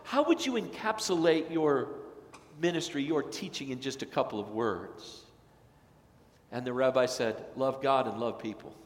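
Man, pastor, sermon, impassioned, loud peaks and hushed drops, roomy church echo. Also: mid-range voice, lively intonation. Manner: impassioned, swings from loud emphatic peaks to hushed slow phrases. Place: church sanctuary.

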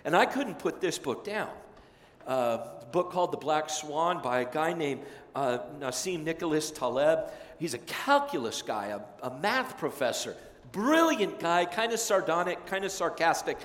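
A male pastor preaching a conversational, self-deprecating sermon, slipping into lively voices when he quotes people. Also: fairly high pitch, normal speed. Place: large church sanctuary. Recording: echoey sanctuary, long reverb.

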